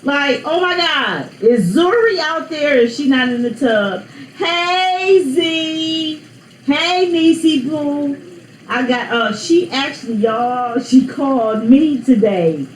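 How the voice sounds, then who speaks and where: A woman's voice: on the high side, lively intonation, measured pace, hardly any pauses, reverberant, slight background noise, low-quality recording. A woman hosting her own vlog, chatting to viewers in a playful, rambling, teasing way. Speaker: vlog host. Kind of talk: casual chat to viewers.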